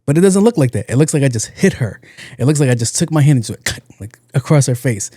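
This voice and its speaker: A young man hosting a podcast, telling a story in a loose, animated way, acting out the people in it and laughing along. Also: medium pitch, fast talker, husky, dry recording, clean studio sound. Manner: animated, acts out quotes, laughs at own story. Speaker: podcast host. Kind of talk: casual comedic storytelling.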